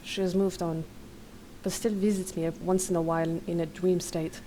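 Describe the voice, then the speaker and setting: A man's voice: high-pitched, level tone, moderate pace, dark tone, slight background noise, natural voice, low-quality recording. A woman reading the part of an older widowed man who speaks with the dead, in a put-on French lilt. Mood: somber. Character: older widowed male spirit medium, gentle.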